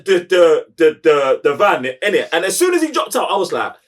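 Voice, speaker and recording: A man's voice: a little high, wildly swooping pitch, a little fast, recorded from a distance. A young man, chatting casually in a review show, full of slang and repeated words. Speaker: podcast co-host.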